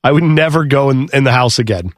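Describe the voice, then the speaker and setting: A man co-hosting a radio talk show, joking and bantering, who jumps into squealing high voices for his bits. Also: fast, no room sound, studio quality. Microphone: studio microphone.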